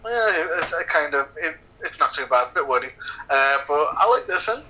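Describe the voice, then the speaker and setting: A man's voice: on the high side, lively intonation, normal speed, pushed and bright, dull audio. A man co-hosting a casual film commentary podcast, laughing often, swearing freely and rambling. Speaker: podcast co-host.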